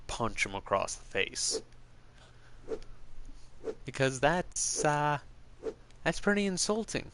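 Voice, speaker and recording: A man's voice: a little high, big pitch swings, slow pace, pauses often, a bit bright, slight background noise. A man streaming, rambling casually and with strong opinions as he answers viewers' chat. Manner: rambling, opinionated, full of fillers.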